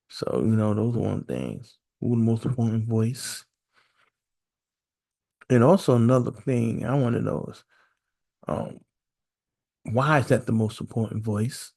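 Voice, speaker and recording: Gravelly laid-back podcast host. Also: male voice, medium pitch, animated, a little slow, long pauses, warm tone. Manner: rhetorical questions, repetitive, conversational. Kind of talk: casual solo podcast monologue.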